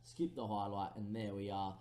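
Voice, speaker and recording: A young man commentating live on a football management game, lively play-by-play with excited bursts and pleading. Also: lowish voice, normal speed, reverberant. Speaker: gaming commentator.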